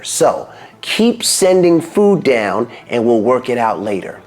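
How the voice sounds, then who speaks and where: A man, a dentist, giving health advice in a casual talking-head video, animated and folksy with joking asides and pitch that jumps high on emphasis. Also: unhurried, vocal fry.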